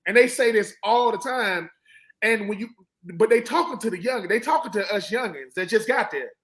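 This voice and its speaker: A man's voice: sits high, animated, moderate pace, a bit bright, poor audio. A middle-aged man, a former college football player and panel guest, telling emphatic stories about coaching and acting out what coaches and players said. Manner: emphatic, preachy, acts out quotes of coaches and players. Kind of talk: animated sports talk, storytelling.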